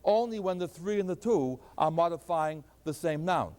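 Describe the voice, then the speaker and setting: A man's voice: a little high, animated, moderate pace, darkish tone, in a large hall. An older man teaching a math lecture at the board, asking questions and answering them himself.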